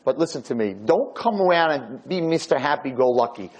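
A man's voice: mid-range voice, lively intonation, a little fast, lightly acted. A man voicing a miserable, grumpy old blind man who snaps and pushes people away. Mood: bitter. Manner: bitter, snapping, raised voice.

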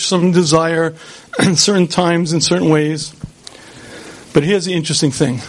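A man giving a Torah lecture, animated and rhetorical, speaking straight to his audience. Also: high-pitched.

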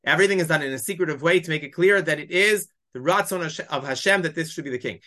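Teacher, bright clear voice, walks through verses, keeps asking "why?" then answering. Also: medium pitch, fast talker. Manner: explanatory, poses rhetorical questions, reads Hebrew verses aloud. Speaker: Bible teacher. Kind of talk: weekly text-study lesson.

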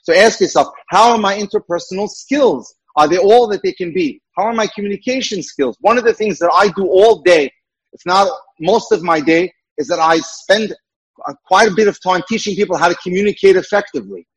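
A man teaching a dating class in a lecture style, with a husky, somewhat raised voice. He is earnest and emphatic and often repeats his main points. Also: high-pitched, a little fast, rough recording. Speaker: dating mentor.

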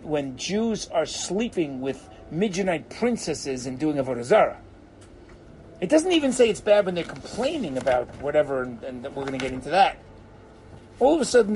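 Man, Torah teacher, high voice, very animated, theatrical storytelling, Hebrew phrases mixed in. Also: a little hiss or hum, rough recording. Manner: lively and theatrical, acts out characters, sprinkles in Hebrew phrases.

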